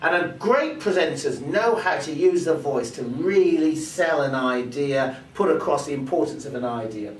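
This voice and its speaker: Guy coaching how to present, lively up and down voice, a bit high, roomy sound from across the room with faint hum behind. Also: moderate pace, few pauses, distant mic. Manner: demonstrative, acts out vocal examples. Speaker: presentation skills trainer. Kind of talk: teaching with spoken demonstrations.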